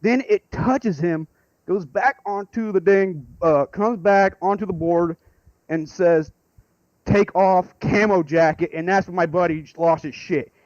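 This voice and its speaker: A man calling in to tell a rambling story, excitable and swearing freely. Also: high voice, measured pace, no room sound, muffled recording. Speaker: caller. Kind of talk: casual storytelling.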